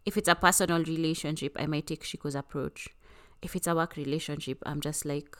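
A woman co-hosting a podcast, talking in a blunt, animated, casual way and swearing freely. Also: low voice, fairly quick. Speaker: podcast co-host. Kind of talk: casual chat.

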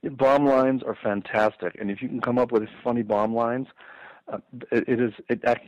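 A man, a comedian calling into a show, chatting eagerly and telling stories at a quick clip. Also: mid-range voice, fairly even intonation, dry recording. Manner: fast-talking, eager storyteller. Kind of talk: casual chat. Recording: dull call-in line.

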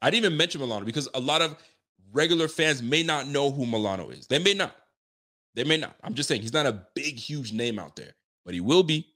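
A man hosting a casual live-stream about football, reading viewer comments, swearing, laughing and getting excited in fast slangy talk. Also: mid-range voice.

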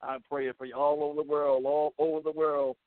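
A man's voice: on the high side, flat delivery, a little fast, no echo. A man preaching a radio sermon with fervor, sprinkling in "amen" and "praise the Lord" as he exhorts his listeners to pray. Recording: tinny phone-like radio sound.

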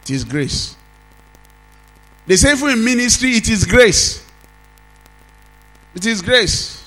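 High-voiced Nigerian pastor preaching. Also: male voice, sing-song, pushed and bright, poor audio. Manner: preaching with call-and-response, drawn-out sung phrases. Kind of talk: sermon.

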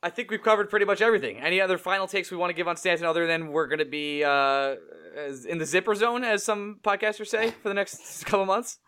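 A young man hosting a casual sports podcast with a sarcastic, quick-fire manner. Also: high voice, fairly even intonation, sharp tone, clear, resonant tone. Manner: sarcastic, fast-talking. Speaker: podcast host.

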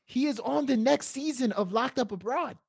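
A man's voice: very high-pitched, moderate pace, vocal fry, no echo, studio quality. A man co-hosting a podcast, joking and laughing often in casual banter. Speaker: podcast co-host.

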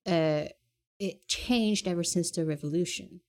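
A woman from Quebec, co-hosting a podcast in casual chat, hesitant and searching for words, quick to poke fun at herself. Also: on the low side, a little mellow. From Quebec, Canada. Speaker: podcast co-host.

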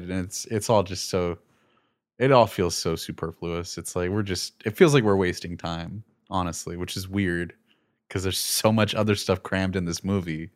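A young man co-hosting a casual movie review chat, animated and sarcastic, often laughing. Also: deep voice, normal speed. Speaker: podcast co-host.

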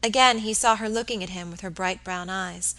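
A woman narrating a classic novel as an audiobook in a measured, expressive reading. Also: medium pitch, low-quality recording.

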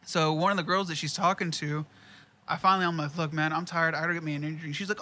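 A man's voice: a little high, fairly even intonation, fast talker, bright, forceful tone. Laid-back man telling a story. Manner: laid-back, profane, laughs often, quotes people in dialogue. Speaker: podcast co-host telling a work story. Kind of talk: casual storytelling chat.

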